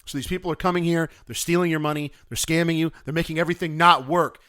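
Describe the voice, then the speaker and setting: Bright, sarcastic ranting man. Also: on the high side, fairly even intonation, fast talker, no room sound, clean studio sound. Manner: sarcastic, ranting, swings from mutters to shouting. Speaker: podcast host. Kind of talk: casual podcast monologue.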